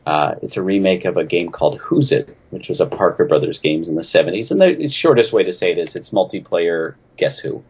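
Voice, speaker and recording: A man from New England with a very low, husky voice talks through interview questions as a game designer guest. He is chatty and snarky and pokes fun at himself. The audio is a little dull and lo-fi. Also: animated, a little fast, few pauses, a little mellow. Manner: chatty, self-deprecating, snarky. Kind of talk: casual interview answers.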